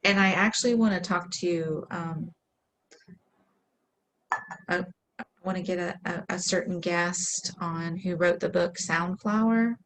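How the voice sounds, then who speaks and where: A woman's voice: fairly low pitch, measured pace, long pauses, a bit bright, a little hiss or hum, low-quality recording. A woman chatting casually in a playful, upbeat way. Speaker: show host. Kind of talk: casual chat.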